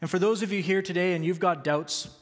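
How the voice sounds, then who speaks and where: A man's voice: sits high, a little fast. Pastor, male, earnest sermon with emphatic bursts, reverberant hall. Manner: earnest, rising to emphatic peaks.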